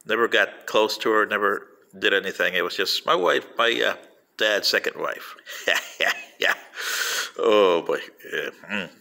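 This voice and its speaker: An older man rambling through a personal anecdote, acting out quoted voices with lively storytelling. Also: on the low side, unhurried, vocal fry. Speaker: vlogger playing an alien commentator.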